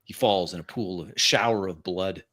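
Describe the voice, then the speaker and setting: A man narrating a tabletop role-play as game master, describing scenes in a halting way with fillers. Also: sits low, a bit bright.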